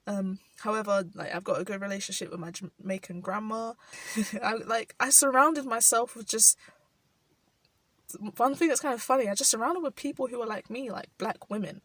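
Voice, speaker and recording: A young woman from South London, speaking with a London accent, gives a reflective vlog monologue indoors while it rains, full of "like" fillers and gentle laughs. Her voice is on the high side, with fairly even intonation and a moderate pace. There's no echo, but the mic is far away and the recording low quality.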